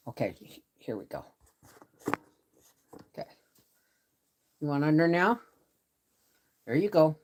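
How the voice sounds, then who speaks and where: A woman's voice: sits low, warm tone. A middle-aged woman chatting casually on a live stream from her bed, rambling and greeting viewers by name. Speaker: homestead channel host. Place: bedroom, in bed.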